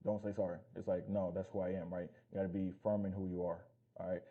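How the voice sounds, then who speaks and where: A fitness coach giving blunt, profane motivational talk in a casual vlog. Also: male voice, low voice, level tone, fast, husky, phone-quality sound.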